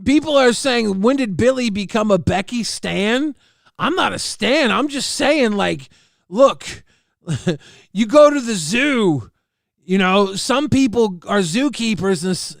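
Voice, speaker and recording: A man's voice: high voice, lively intonation, slow pace, vocal fry, no echo, studio quality. A man co-hosting a casual livestream chat, laughing often, swearing and reading viewer messages aloud. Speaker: co-host.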